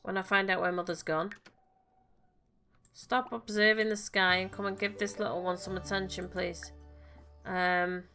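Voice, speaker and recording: Let's-play host, woman, bright tone, soft fussing commentary, faint game music. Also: medium pitch, level tone, a little slow. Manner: coos and fusses gently at the game characters. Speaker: gaming channel host.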